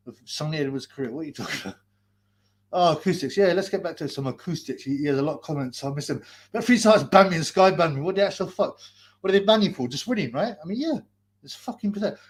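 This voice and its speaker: A man hosting a livestream, wearing a mask in a hot basement, ranting crudely and mocking people between laughs. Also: fairly high pitch. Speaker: livestream host. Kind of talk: profane ranting livestream commentary.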